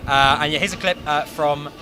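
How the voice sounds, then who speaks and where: A quick, fairly high-pitched man hosts a relaxed pre-match chat. He talks fast with a stream of fillers before handing over to a recorded clip. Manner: quick, chatty, lots of fillers. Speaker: host.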